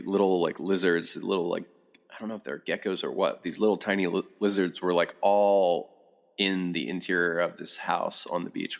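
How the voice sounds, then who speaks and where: Man, very low pitch, podcast guest, casual storytelling, swears a lot, animated. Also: vocal fry. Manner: rambling, animated, swears often.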